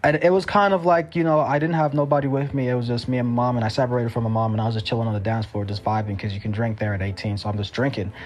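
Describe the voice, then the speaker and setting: A young man from Jamaica on a casual podcast, telling stories in an animated way, acting out what people said and laughing often. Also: mid-range voice, very fast, hardly any pauses. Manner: animated storytelling, acts out quotes, laughs often. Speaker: podcast co-host. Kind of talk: casual chat.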